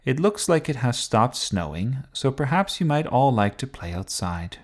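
A man's voice: mid-range voice, big pitch swings, normal speed, pitched above the performer's own voice. A man voicing a polite, deferential butler in a children's story, speaking formally.

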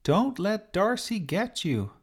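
A man voicing an excited, curious young girl in a children's story, speaking in a raised, eager voice. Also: unhurried. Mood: shouting. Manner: eager, explaining, raised pitch. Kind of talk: storybook character voice.

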